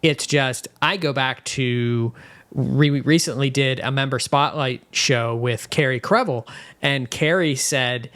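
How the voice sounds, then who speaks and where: A man co-hosting a relaxed podcast chat, his voice sitting at an everyday middle pitch. He talks emphatically and conversationally. He grew up in West Virginia. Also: slow. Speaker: podcast co-host. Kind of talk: casual chat.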